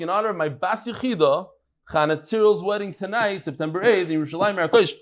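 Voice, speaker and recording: Animated middle-aged man teaching Talmud. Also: high-pitched, fast talker. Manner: animated, jokey, switching between English and Hebrew-Aramaic terms. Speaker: Talmud class teacher and host. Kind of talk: lively Talmud lesson to a live group.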